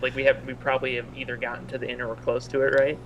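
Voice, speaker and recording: A man playing a tabletop game, talking quickly with lots of fillers and giggles. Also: mid-range voice, monotone, muffled recording, slight background noise. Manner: rapid, filler-heavy, giggly. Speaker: player.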